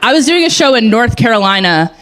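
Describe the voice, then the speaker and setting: A woman's voice: a little high, quick pace, a little hiss or hum. A woman doing a stand-up comedy set on a club stage, telling stories and acting out the people in them. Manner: animated storytelling, acting out quotes.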